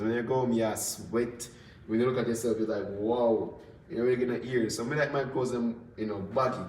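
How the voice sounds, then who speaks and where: A man's voice: mid-range voice, steady tone, normal speed, darkish tone, recorded from a distance. A man chats loosely to his live-stream viewers, circling back and repeating himself as he goes. His voice sits a little back from the microphone in an echoing indoor room. A faint hum of ambience runs underneath. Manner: rambling, repeats words, talks straight to viewers. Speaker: livestream host. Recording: roomy sound from off-mic, faint ambience.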